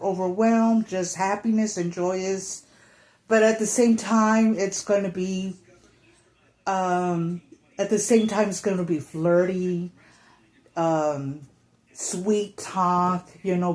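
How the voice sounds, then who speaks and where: Mid-range and a little mellow, a woman's voice carries a casual tarot reading aimed at the camera. She's chatty, leans on many fillers, and acts out quoted thoughts now and then.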